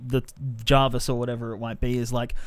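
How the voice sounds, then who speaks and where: A man co-hosting a podcast, chatting casually about a film and acting out scenes in quick quoted voices. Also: medium pitch, clear, resonant tone, no room sound. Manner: animated, retells scenes in acted-out quotes. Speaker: podcast co-host.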